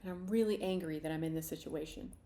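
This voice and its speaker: A woman leading a guided EFT tapping session, speaking slow, repetitive first-person statements for listeners to repeat. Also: sits low, mellow. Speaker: tapping practitioner.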